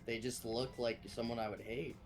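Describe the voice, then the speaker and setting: A man's voice: mid-range voice, level tone, moderate pace, soft background music. Playful young man chatting with a friend. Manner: playful, laughing. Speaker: friend on stream. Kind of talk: casual chat.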